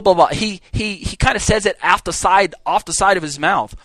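A man teaching a Bible class, lecturing in an animated way, acting out quotes and often restarting his sentences. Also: sits high, brisk, few pauses, no room sound.

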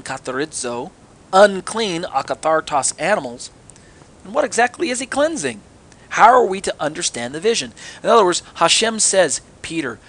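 A man's voice: on the high side, fairly bright tone. A middle-aged man teaching a sermon on scripture, earnest and fond of rhetorical questions and sarcastic asides. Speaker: Bible teacher.

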